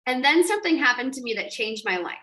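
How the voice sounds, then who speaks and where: A woman coach telling an animated story on a live stream, acting out quotes and laughing often. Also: sits high, fast talker, echoey room. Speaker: online business coach.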